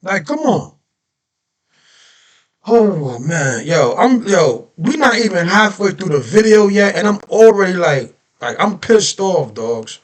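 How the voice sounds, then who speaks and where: High-voiced man ranting in a reaction video. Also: takes it slowly. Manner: animated, ranting, repeats himself, rhetorical questions. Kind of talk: heated political reaction commentary.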